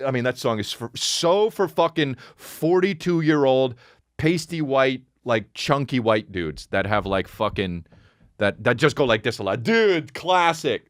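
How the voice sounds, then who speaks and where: A male comedian rants on his podcast in a mid-pitched voice. His delivery is loose and profane, and his pitch swings from low mutters up to squeaky mocking yelps. The sound is dry and close to the mic. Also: moderate pace, no echo. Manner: animated and profane, with sudden high-pitched mocking outbursts. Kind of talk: comedic rant.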